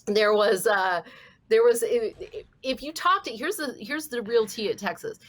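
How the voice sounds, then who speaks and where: A woman's voice: a little high, expressive, normal speed. A woman from St. Louis, a comedian guest, chatting casually and telling stories with lots of animation, acting out the voices of people she quotes. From St. Louis, USA. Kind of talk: casual chat.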